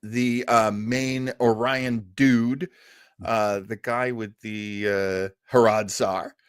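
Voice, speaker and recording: A man's voice: lowish voice, steady tone, takes it slowly, clean tone, no room sound, clean studio sound. A man co-hosting a casual review show, rambling and stumbling over his words with fan enthusiasm. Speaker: podcast co-host.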